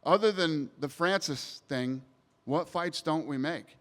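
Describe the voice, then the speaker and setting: A man's voice: on the high side, unhurried, fairly bright tone. A man answering reporters at a press scrum, blunt and emphatic, swearing casually. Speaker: promotion CEO at media scrum. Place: post-event press area. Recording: long hall reverb.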